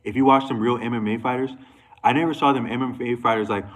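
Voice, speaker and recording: A man's voice: medium pitch, fairly even intonation, fast talker, a bit bright, low-quality recording. A man talking to camera in a loose, rambling monologue, restarting sentences and going off on asides. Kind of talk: casual monologue.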